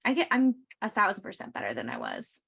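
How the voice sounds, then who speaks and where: Bright-voiced earnest woman. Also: medium pitch, wildly swooping pitch, fast talker, gravelly, breathy edge. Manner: earnest, emphatic, many fillers. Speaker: youth ministry panelist. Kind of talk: casual podcast chat.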